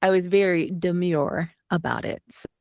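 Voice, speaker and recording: A woman's voice: fairly low pitch, normal speed, darkish tone, no echo, clean studio sound. Chatty woman with a light Southern accent. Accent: light Southern US, toned down. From Alabama, US. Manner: chatty, rambling with many fillers. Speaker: audiobook narrator, guest. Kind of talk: casual interview.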